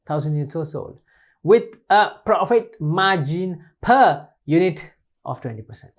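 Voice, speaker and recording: A man's voice: on the high side, lively intonation, a little slow. A man teaching a recorded lesson, repeating points and answering his own questions. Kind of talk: recorded exam-paper lesson.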